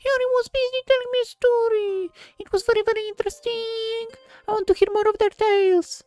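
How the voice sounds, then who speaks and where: A very high, squeaky falsetto alien princess from a visual novel, played by a man. She sounds naive and childlike, and her tone is strange and strained. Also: fairly even intonation, brisk, a little mellow, no echo. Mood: wistful. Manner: childlike, odd word choices. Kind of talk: reading a visual novel aloud.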